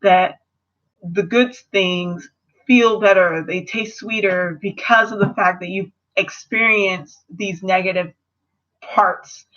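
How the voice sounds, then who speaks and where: A young woman in a casual review chat, animated and slipping into character voices as she retells scenes. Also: mid-range voice, slow pace, lo-fi sound. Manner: animated, acts out characters in quotes. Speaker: video reviewer.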